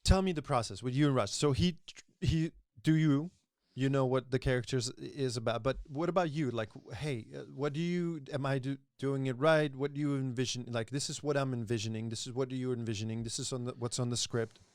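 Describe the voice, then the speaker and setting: A male podcast host asks long questions that loop back and restart before he lands on them. His voice is mid-pitched and conversational. The sound is close and dry. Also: a little fast, hardly any pauses, a little mellow, dry recording. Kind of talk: casual interview. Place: podcast set.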